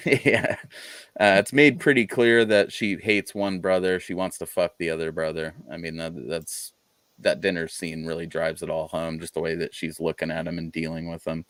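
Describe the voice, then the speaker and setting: A man's voice: sits low, level tone, moderate pace, a bit bright, dry recording. A man co-hosting a podcast in casual chat, laid-back and rambling, swearing freely. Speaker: podcast co-host.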